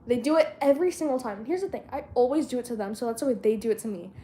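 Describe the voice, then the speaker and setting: A woman's voice: on the high side, fast, warm tone, slight background noise. A teenage girl vlogging in a casual chat, rambling and slangy and often losing her train of thought.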